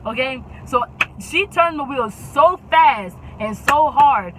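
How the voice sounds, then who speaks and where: A woman's voice: high-pitched, expressive, slow pace, noisy background. A young woman tells a casual, dramatic storytime and keeps adding "okay?" to drive her points home. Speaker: YouTube storyteller.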